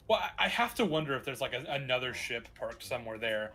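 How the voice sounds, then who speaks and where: A man in casual gaming chat over a call, talking in animated, swearing rants with stammered restarts. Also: mid-range voice, fast, breathy edge. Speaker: co-host.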